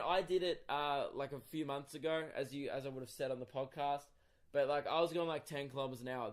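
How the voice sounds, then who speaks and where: A young Australian man, a comedian hosting his own podcast, tells a story in an exasperated, profane, animated rant. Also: fairly high pitch. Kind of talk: casual comic storytelling monologue.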